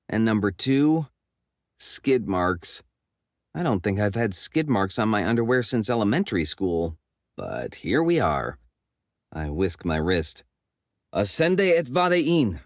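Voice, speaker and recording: A man's voice: low-pitched, dry recording, clean studio sound. A man narrating a comic fantasy audiobook in first person, wry and self-mocking.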